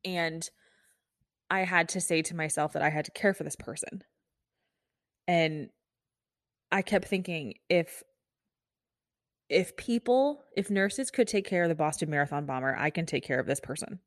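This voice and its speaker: A woman's voice: sits low, moderate pace, long pauses, no echo, clean studio sound. A young adult woman, a nurse hosting her own podcast, talking candidly and casually with lots of fillers and restarts. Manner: candid, chatty, full of likes and restarts. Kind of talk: casual solo podcast talk. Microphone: podcast microphone.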